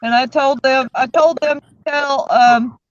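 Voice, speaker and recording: Speaking a little slowly in a high voice with fairly even intonation, a woman co-hosting a livestream joins a casual group chat and laughs a lot. There's no room sound, though the stream audio is dull, lo-fi, and faintly hissy.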